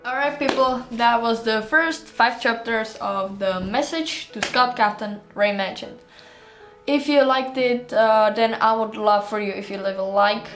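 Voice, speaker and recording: A woman's voice: a little high, measured pace. Roomy woman narrating an audiobook. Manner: plain storytelling, chatty in outro. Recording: roomy with faint music.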